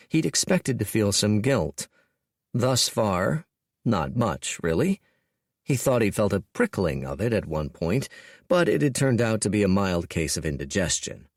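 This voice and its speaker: Low, slow-paced male audiobook narrator. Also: no room sound, studio quality. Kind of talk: scripted narration.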